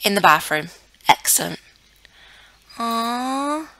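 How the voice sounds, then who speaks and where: A woman's voice: lowish voice, a little slow, pushed and bright. A young woman giving casual commentary on a life-sim game, chatty and easily flustered, talking to the characters on screen. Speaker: let's play gamer.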